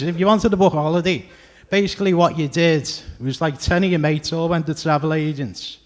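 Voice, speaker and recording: A man with a Scouse accent working a comedy club stage, chatting with the crowd in a stand-up set. His voice sits a touch high for a man, and he lands crude punchlines in a self-deprecating way. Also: fairly even intonation, brisk, few pauses, slight background noise. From Liverpool area, England.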